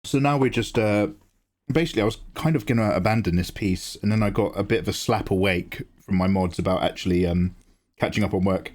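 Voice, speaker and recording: A man's voice: fairly quick, darkish tone. A grown man hosting a live drawing stream, chatting casually and teasing viewers as he answers chat. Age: adult. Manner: chatty, teasing replies to chat, jumps up in pitch when greeting viewers. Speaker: livestream artist and host.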